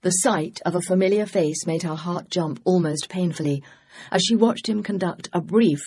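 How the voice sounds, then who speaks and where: Husky, steady audiobook narrator. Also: medium pitch. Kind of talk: scripted narration.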